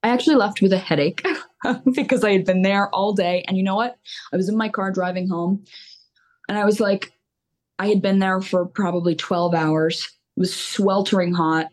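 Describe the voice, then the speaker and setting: A woman's voice: mid-range voice, fairly even intonation, normal speed, a little mellow. A young woman singer-songwriter talking openly and at length as a podcast guest. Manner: open, candid, rambling with fillers. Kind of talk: casual podcast interview.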